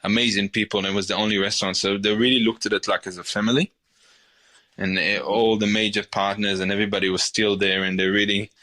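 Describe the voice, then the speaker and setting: A man in his forties with an Israeli accent chats about his career. His voice sits a little low and comes out bright and forceful. He tells it in animated bursts, doubling up words as he restarts and acting out what people said to him. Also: fast. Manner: animated, repeats and restarts words, acts out quoted lines. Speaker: chef, podcast guest. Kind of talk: casual interview storytelling.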